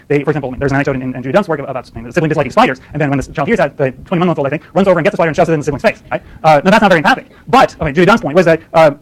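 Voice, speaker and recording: A man lecturing at a rapid clip, his voice sitting a bit high. He often stops himself mid-thought and starts over, and he checks in with his listeners by asking "right?" again and again. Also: poor audio. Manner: lots of fillers and restarts, asks "right?" often. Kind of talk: university lecture.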